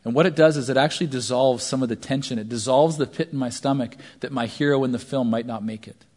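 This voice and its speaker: A man in his thirties preaching a sermon, telling stories animatedly and swinging between hushed asides and loud shouts. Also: mid-range voice, fast. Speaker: pastor.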